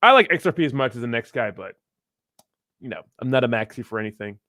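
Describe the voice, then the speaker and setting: A man's voice: mid-range voice, expressive, quick pace, pushed and bright, no room sound, clean studio sound. Laid-back, foul-mouthed man in his thirties. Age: 30s. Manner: rambling, profane, laid-back, laughs often. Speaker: crypto streamer reading chat. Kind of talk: casual livestream chat.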